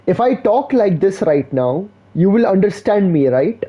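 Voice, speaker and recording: A man's voice: sits high, sing-song, measured pace, few pauses, warm tone, husky. A man streaming live, chatting casually in a slangy, laid-back way, full of "bro" and "like". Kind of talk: casual rambling stream chat.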